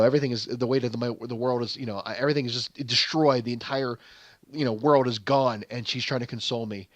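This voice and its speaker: A man's voice: medium pitch, no echo. Rambling man narrating gameplay. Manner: rambling, lots of fillers and restarts. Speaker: gaming channel host. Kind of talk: casual game commentary and storytelling.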